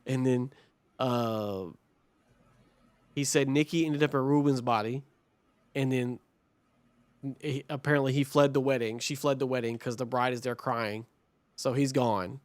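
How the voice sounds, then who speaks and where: A man's voice: mid-range voice, steady tone, measured pace, long pauses, no echo. Man, podcast co-host, casual movie recap, rambling and profane, dry close sound. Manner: rambling, heavy on "like", profane, acts out quotes.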